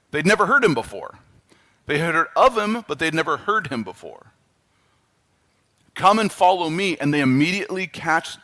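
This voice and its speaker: Bright-voiced preaching man. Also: a little high. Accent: Canadian. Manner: emphatic, animated preaching that drops to quiet, earnest asides. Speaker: pastor. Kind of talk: sermon.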